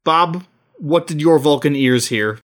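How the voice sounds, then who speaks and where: A man co-hosting a podcast who talks quickly in casual chat and laughs often. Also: a little high. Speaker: podcast co-host.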